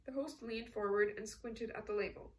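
A woman narrating a novel in a measured, even storytelling manner. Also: a little high, recorded from a distance, low-quality recording. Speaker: audiobook narrator. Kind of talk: scripted narration.

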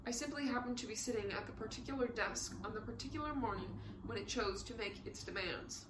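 Woman playing a witty male count, dry and droll, fairly high voice, roomy echo. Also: a little fast, background noise, lightly acted.

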